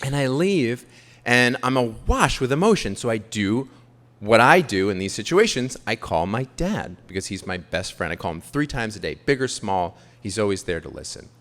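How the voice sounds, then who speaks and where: A man's voice: lowish voice, big pitch swings, normal speed, fairly bright tone. A man in his thirties from Queens, telling a confessional, self-deprecating story on stage. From Queens, New York. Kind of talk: live storytelling. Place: theater stage. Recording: long hall reverb.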